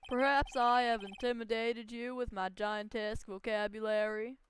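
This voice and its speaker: A woman's voice: a little high, fairly even intonation, close to an everyday voice. A woman doing a pompous wordy company boss. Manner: grandiose, slow and emphatic.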